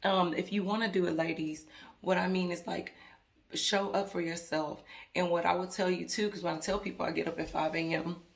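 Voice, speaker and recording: A woman's voice: fairly low pitch, fairly even intonation, brisk, creaky. A woman vlogger talking casually and earnestly to her viewers, rambling with frequent restarts as she speaks to them directly. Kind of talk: casual talk to camera.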